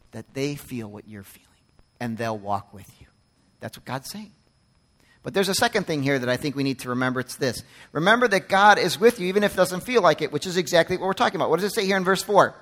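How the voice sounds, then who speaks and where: High, bright-voiced male preacher. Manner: swings from hushed and gentle to loud and emphatic; acts out quoted speech in his sermon. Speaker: pastor. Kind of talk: sermon.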